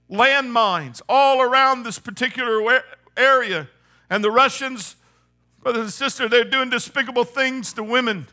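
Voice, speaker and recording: An older man preaching a sermon, fervent, swinging from shouted peaks to hushed low passages and repeating phrases for emphasis. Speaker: pastor.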